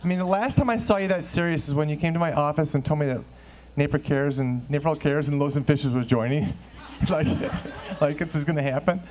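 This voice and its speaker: A man serves as a judge at a live charity dance contest and talks quickly in a slightly raised voice. He is chatty and joking as he gives his feedback. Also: a little high, darkish tone. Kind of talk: live event commentary.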